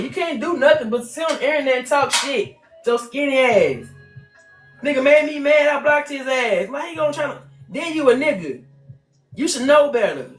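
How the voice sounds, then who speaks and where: A woman's voice: high voice, lively intonation, moderate pace. A woman hosting a livestream, ranting bluntly and with lots of swearing into a phone on a stand. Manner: blunt, profane, fired-up. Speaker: livestream host. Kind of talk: heated livestream rant. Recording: echoey room with faint music.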